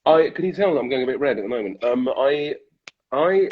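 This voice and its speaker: A man's voice: mid-range voice, lively intonation, breathy edge, narrow, tinny audio. A British man, an actor, chatting casually as an interview guest, often laughing at himself and restarting his sentences. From Britain. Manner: self-deprecating, laughs often, halting restarts.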